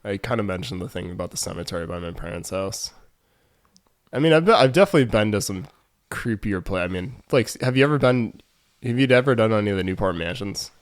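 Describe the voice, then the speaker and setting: A man's voice: on the low side, expressive, fast, dry recording, studio quality. A young man with a New England accent, co-hosting a podcast and rambling through a story in casual chat, full of fillers and restarts. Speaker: podcast co-host.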